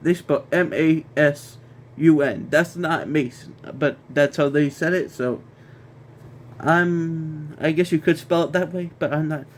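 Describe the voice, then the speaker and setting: A man's voice: on the high side, fairly even intonation, measured pace, a little hiss or hum. A man hosting a casual wrestling review, ranting in an exasperated way, repeating himself and stumbling over restarts.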